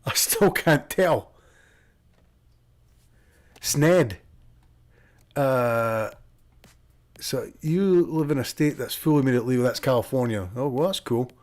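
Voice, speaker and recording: A man's voice: medium pitch, slow pace, long pauses, darkish tone. A Scottish man streaming from a room at home, chatting in a rambling way and reading his viewers' messages aloud. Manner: rambling, reads chat aloud. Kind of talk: casual chat with viewers.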